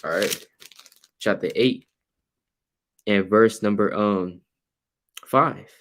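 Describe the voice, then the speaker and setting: A man with a low voice leads an informal Bible study from his computer. He reads verses aloud and explains them in plain everyday speech, with frequent "right?" checks. Now and then he jumps higher and louder to act out the people in the story. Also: slow pace, slight background noise. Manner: keeps asking "right?" while reading and explaining verses; acts out quoted people with sudden louder, higher bursts. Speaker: Bible teacher. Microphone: computer mic while sharing his screen.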